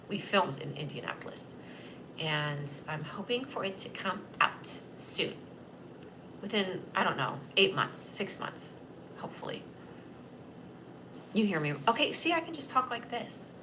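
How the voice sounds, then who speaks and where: A woman comedian hosting her own livestream, chatting loosely and giggling, often talking loudly and at times yelling. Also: medium pitch, noisy background. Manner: giggly and scattered. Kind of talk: rambling casual livestream chat. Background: piano playing.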